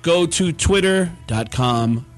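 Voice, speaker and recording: A man, a comedian guest, telling a story in animated bursts, stammering and laughing as he goes. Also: a little high, slow pace, soft background music. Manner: animated, stammering restarts, laughs through lines. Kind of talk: comic storytelling.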